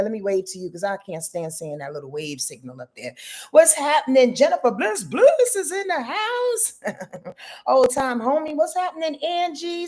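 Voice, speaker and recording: Lively woman hosting an astrology livestream. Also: mid-range voice. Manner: lively, greets viewers by name, playful; spiritual, heartfelt. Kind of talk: casual livestream chat.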